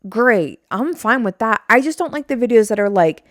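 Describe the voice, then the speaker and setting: A woman's voice: fairly high pitch, expressive, normal speed, fairly bright tone, no echo, clean studio sound. A young woman hosting a solo podcast, rambling casually and self-deprecating, swearing now and then. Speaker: podcast host. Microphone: studio mic on a stand.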